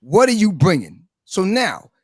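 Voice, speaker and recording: High-voiced animated man, dry sound. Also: a little slow, husky, no room sound. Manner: animated, argues and interrupts. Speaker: podcast host. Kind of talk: casual group chat, playing a dating-coach character.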